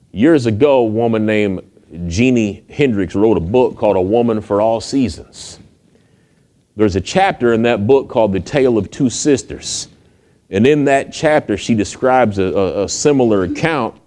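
A man's voice: medium pitch, mellow. Folksy preacher man. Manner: folksy storytelling, rising to emphatic exhortation. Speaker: pastor. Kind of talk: sermon.

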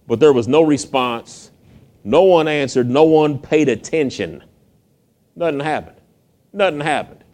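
A man preaching a sermon, retelling a Bible story in lively, conversational storytelling and acting out the characters' voices. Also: mid-range voice. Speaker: pastor.

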